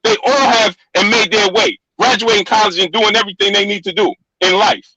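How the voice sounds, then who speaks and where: A man's voice: sits high, steady tone, brisk, bright, forceful tone, husky, rough recording. A middle-aged man arguing on a live stream, insistent and repetitive, talking over the other speaker. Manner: insistent, repeats himself, talks over others. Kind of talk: heated live-stream argument.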